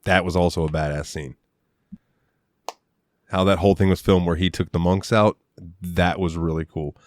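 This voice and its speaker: A man's voice: deep voice, moderate pace, no echo. Laughing, profane male podcast co-host. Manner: animated, laughs often, swears freely. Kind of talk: casual chat about a film.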